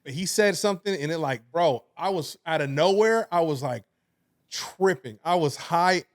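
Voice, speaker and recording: A young man with a high voice, co-hosting a casual podcast, tells a story at a moderate pace. He's animated, laughing through his lines, swearing freely and repeatedly asking "right?".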